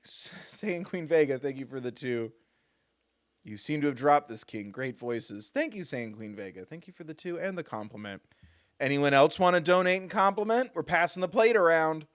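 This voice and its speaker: A man's voice: fairly high pitch, animated, normal speed, a bit bright, no room sound, clean studio sound. A man hosting a live game stream, chatting playfully and joking with viewers between lines. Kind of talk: live gameplay commentary.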